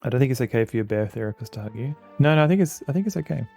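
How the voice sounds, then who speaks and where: A man's voice: mid-range voice, lively intonation, rapid-fire, creaky, dark tone, faint music behind. A man streaming a game, chatting casually and rambling as he answers his viewers. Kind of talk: casual gameplay commentary.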